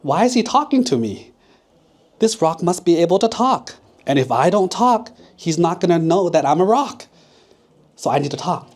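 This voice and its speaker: A man's voice: mid-range voice, expressive, measured pace, mellow. A man voicing a big, boastful male crocodile who is afraid of his wife, talking in a blustering, sometimes whispery way. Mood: sneaky.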